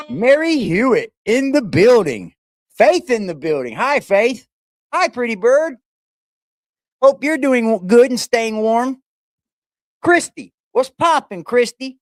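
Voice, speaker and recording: A man's voice: very high-pitched, very animated, measured pace, dry recording, clean studio sound. Playful, slangy man hosting a livestream. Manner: loose and playful, greets chatters in sing-song calls; profane, slangy. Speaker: livestream host. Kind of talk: casual live-chat roll call. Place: home. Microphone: fixed camera on a stabilizer.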